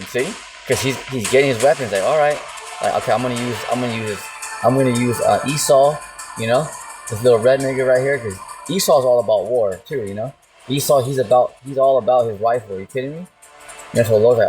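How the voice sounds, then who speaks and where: A man giving an informal Bible teaching in loose street slang, forever asking his listeners "see?" and "you know?". His voice sits at an ordinary middle pitch. He sounds set back from the mic, with faint music playing behind. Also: darkish tone, far from the mic, low-quality recording. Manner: slow, drawn-out emphasis when reading scripture verses.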